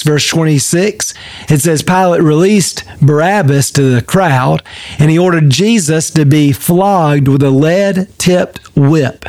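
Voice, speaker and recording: A man's voice: on the high side, gravelly, a little mellow, dry recording. A man, a pastor, giving a heartfelt devotional Bible teaching and leading a prayer in an earnest, emphatic way. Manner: leads a prayer aloud.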